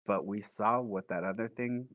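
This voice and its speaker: Male player, relaxed and playful, lowish voice, casual table talk. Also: moderate pace, dry recording. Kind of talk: tabletop role-play chat.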